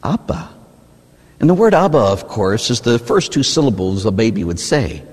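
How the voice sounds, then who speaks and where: A man, a Catholic priest, preaching a sermon in an animated, rhetorical way, often asking "huh?". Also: lowish voice, brisk, husky. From United States. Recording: reverberant hall.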